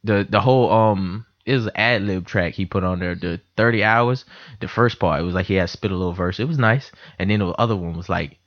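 A man's voice: sits low, brisk, no room sound. A young man hosting a casual podcast, telling stories animatedly with voiced quotes, recorded at a computer in a house. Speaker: podcast host. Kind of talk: casual chat. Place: room in a house. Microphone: computer mic. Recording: dull lo-fi home recording.

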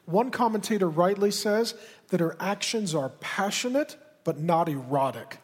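Guy preaching a sermon, kinda high voice, talks straight at the crowd, big echoey room. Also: animated, moderate pace, slightly rough. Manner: direct, conversational preaching with pointed asides. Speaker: pastor. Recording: reverberant hall.

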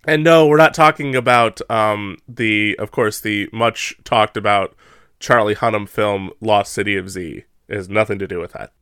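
A man co-hosting a podcast, chatting casually about a film in an animated way with frequent laughs. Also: fairly low pitch, clear, resonant tone, no echo, studio quality. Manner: animated, laughs often, quick asides. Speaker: podcast co-host. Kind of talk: casual movie review chat.

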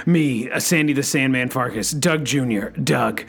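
A man playing an overexcited talk-radio host who says "freaking" constantly and leaps up in pitch. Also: unhurried, creaky. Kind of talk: comedy radio-show sketch.

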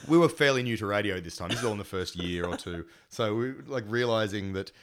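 Speaking fast in a lowish voice, this man is a musician appearing as a guest. He spins lively anecdotes in relaxed conversation, cursing often and performing other people's lines.

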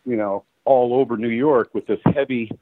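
A man's voice: mid-range voice, normal speed, dry recording. A middle-aged man, a photographer, telling stories in a casual interview and acting out the dialogue of the people in them. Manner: animated storyteller acting out quoted dialogue, laughing. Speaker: guest photographer. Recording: dry tinny phone-like line.

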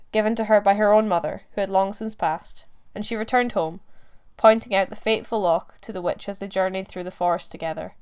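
Woman narrator, folk tale read with measured expression, crystal clear voice, mid pitch. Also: a little mellow. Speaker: storyteller. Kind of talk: scripted narration.

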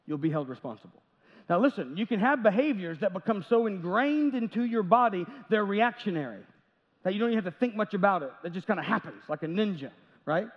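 In a large church sanctuary, a man with a high-pitched voice and lively intonation preaches a little fast. As pastor, he talks conversationally, cracking jokes and acting out brief quotes. Long church reverb fills the dull-sounding recording.

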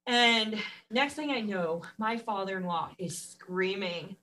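A woman tells a personal story in a relaxed, conversational way. Her pitch stays mid-range for a woman. She laughs easily, and her voice jumps up when she acts out what other people said. She sits slightly away from the microphone. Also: slow pace, hardly any pauses, distant mic, rough recording. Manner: animated, laughs often, acts out quotes. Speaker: podcast guest. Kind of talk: casual storytelling.

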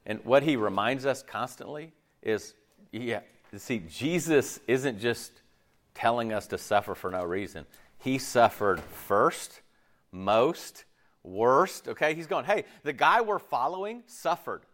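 A man preaching a sermon in an animated, conversational way, acting out quick asides. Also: mid-range voice. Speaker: pastor.

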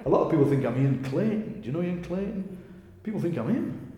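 A man with a Yorkshire accent, a poet telling stories in a lively, chatty interview. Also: fairly high pitch, fast talker. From Yorkshire, England. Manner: chatty, animated storyteller, often laughing. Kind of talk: conversational interview. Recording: echoey room with long reverb.

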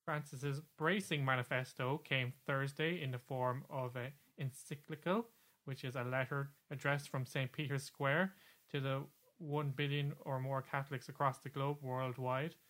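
A man's voice: medium pitch, fairly even intonation, normal speed, a bit bright. A man co-hosting a casual chat show, riffing loosely and leaning on "like" as a filler. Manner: chatty, riffing, says "like" a lot. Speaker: podcast co-host.

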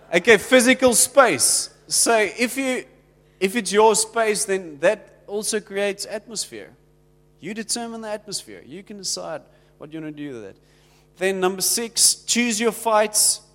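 A man's voice: high-pitched, long reverb tail. A South African man preaching a sermon in a conversational way, acting out the little exchanges he quotes. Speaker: pastor.

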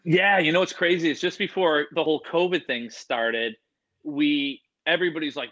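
A man telling a rambling, animated story in a casual interview, acting out the voices of people in it. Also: fairly high pitch, normal speed, dull audio. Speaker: animal entertainer guest.

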